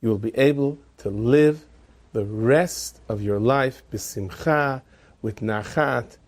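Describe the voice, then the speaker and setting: A man voicing an older rabbi and father who pleads calmly and slowly with measured words. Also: breathy edge. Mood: persuasive. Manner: slow, low and measured.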